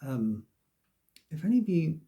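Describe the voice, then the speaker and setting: A man's voice: on the high side, big pitch swings, a little slow, creaky, mellow. A man rambling casually to his viewers, self-deprecating and swearing freely. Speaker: vlogger. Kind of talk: casual rambling monologue to camera.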